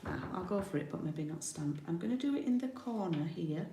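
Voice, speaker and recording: A woman's voice: fairly low pitch, lively intonation, a little fast, dark tone, slight background noise. A woman from the UK demonstrating card making in a chatty live tutorial, thinking aloud as she works. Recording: roomy home recording.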